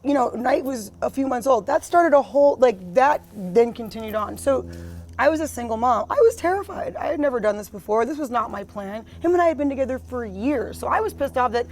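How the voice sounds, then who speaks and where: A woman's voice: fairly high pitch, expressive, brisk, darkish tone. A woman in her thirties, a guest in a candid interview, talking bluntly and emphatically, full of "like" and "you know". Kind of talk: candid personal conversation.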